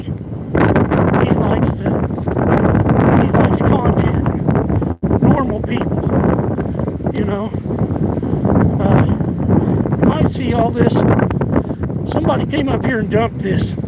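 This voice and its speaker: Man, winded, out of breath, slow halting talk, fairly high voice, outdoors, loud wind on phone mic. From United States. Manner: halting, drawling, many restarts and fillers. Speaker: live streamer. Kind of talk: casual live-stream chat while walking. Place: outdoors on rural land in strong wind.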